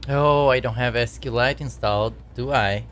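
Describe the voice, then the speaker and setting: A man's voice: mid-range voice, normal speed, fairly bright tone. A man chatting casually while he codes on a live stream, talking to his viewers and laughing at his own troubles. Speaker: game developer streaming his work.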